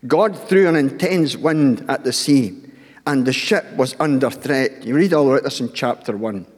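A man's voice: mid-range voice, moderate pace, breathy edge, big-room sound. An older man preaching a sermon, telling the story with acted-out voices and asking the congregation questions.

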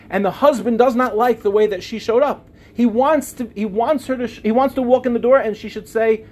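Man, 40s, high voice, storytelling talk, faint background noise. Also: moderate pace. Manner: storytelling, acts out quoted dialogue in softer voices. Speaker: speaker on relationships. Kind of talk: talk to a live audience.

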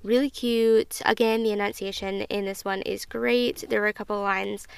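A woman's voice: medium pitch, steady tone, normal speed, gravelly, clean tone, no echo. A woman in her twenties hosting a casual podcast review, chatty and gushing, full of fillers, emotional at times. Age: 20s. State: emotional, near tears at times. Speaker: podcast host.

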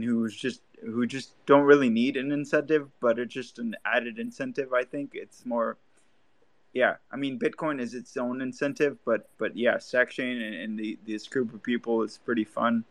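A man from Lebanon chatting casually, halting and full of fillers. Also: medium pitch, fairly even intonation, dry recording. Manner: halting, lots of fillers and restarts. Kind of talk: casual chat.

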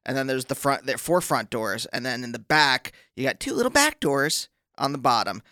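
A man's voice: mid-range voice, sing-song, brisk, bright, forceful tone, dry recording, studio quality. A man co-hosting a podcast, chatting casually and breaking in with wry, teasing remarks. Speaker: podcast co-host. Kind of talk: casual chat.

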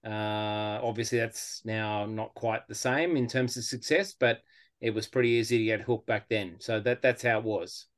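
An Australian man as a podcast guest, talking in a relaxed, rambling way with lots of fillers. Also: on the low side, normal speed. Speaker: guest fan. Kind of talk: casual podcast interview.

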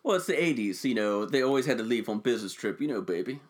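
A man's voice: mid-range voice, expressive, fast. A man co-hosting a podcast, trading playful wisecracks during a recap. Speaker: podcast co-host. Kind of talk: casual recap chat.

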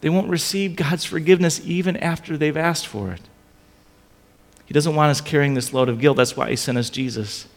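A man's voice: fairly high pitch, fairly even intonation, normal speed, vocal fry, long reverb tail. A man preaching a sermon in a conversational way, often repeating his phrases. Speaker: pastor.

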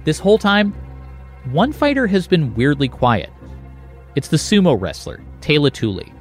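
A man's voice: on the high side, huge pitch swings, normal speed, soft background music. A man reporting and narrating a documentary podcast in a scripted, storytelling delivery.

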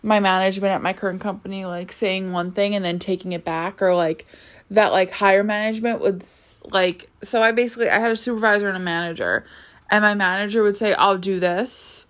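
A woman's voice: mid-range voice, steady tone, fairly quick. A young woman in her twenties talking casually about her life as a podcast host, tired and yawning, rambling with many fillers and restarts. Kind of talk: casual personal vlog talk.

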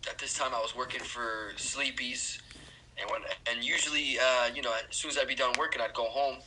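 A man speaking as a podcast guest, earnest and hesitant, often pausing with fillers. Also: mid-range voice, steady tone, background noise. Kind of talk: casual chat.

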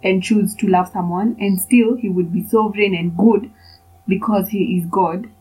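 A woman's voice: medium pitch, fairly even intonation, moderate pace, mellow, breathy edge, faint music behind, low-quality recording. A young woman hosting a podcast, talking in a chatty, rambling way full of fillers as she shares a casual devotional. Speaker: podcast host.

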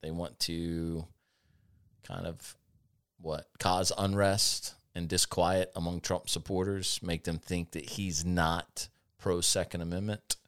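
A man's voice: low voice, level tone, slow, fairly bright tone. A man hosting a casual talk show, telling sardonic stories about an old job and laughing often. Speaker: podcast host. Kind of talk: casual chat, storytelling.

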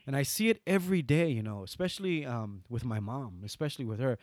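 A man with a Hawaiian accent, a guest in an interview, who tells stories animatedly and swings from loud bursts to soft asides. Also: mid-range voice, expressive, quick pace, no room sound, studio quality. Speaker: guest entertainer. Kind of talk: storytelling interview.

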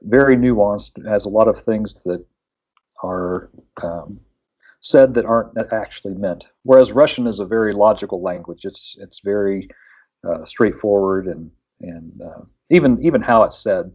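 A man's voice: lowish voice, normal speed, darkish tone, slightly rough, dull audio. A man from West Virginia chatting casually on a radio show, rambling with lots of fillers and restarts.

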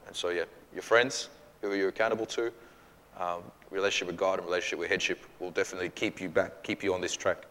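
A lower-voiced man speaking quickly as a pastor takes questions from his church. He talks casually and acts out quotes with energy. His voice rings out in a hall with a long reverb. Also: steady tone, a bit bright. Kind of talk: church Q&A teaching.

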